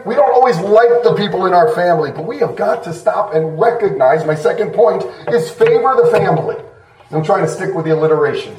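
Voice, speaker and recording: A man's voice: sits high, darkish tone, roomy sound, distant mic, a little hiss or hum, low-quality recording. A middle-aged man preaching a sermon as pastor, in a conversational, self-deprecating way with sudden bursts of emphasis.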